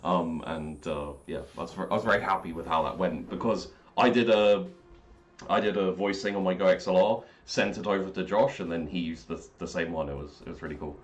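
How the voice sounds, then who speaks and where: A man's voice: low-pitched, fairly even intonation, brisk. A man who ran the game, chatting casually in an aftershow with lots of fillers and restarts. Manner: rambling, with many fillers and restarts. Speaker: game master.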